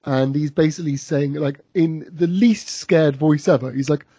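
A man on a podcast reviews an episode in loose, rambling chat, padding his talk with fillers and breaking into laughter. His voice is mellow and slightly husky, somewhat high for a man, and recorded dry and close. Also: normal speed, dry recording. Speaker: podcast host.

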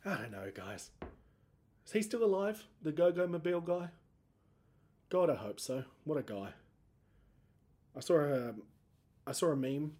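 Aussie guy in his 30s rambling on his podcast, bit high voice, cracks when he gets worked up. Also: big pitch swings, measured pace, pauses often, a little mellow. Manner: rambling, self-mocking, voice cracks upward when emoting. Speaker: podcast host. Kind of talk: solo podcast monologue.

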